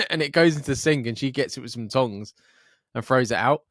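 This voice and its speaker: A Scottish man co-hosting a podcast, telling sweary, animated anecdotes in casual chat. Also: mid-range voice, fast, no room sound, clean studio sound. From Scotland, Fife. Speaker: podcast co-host.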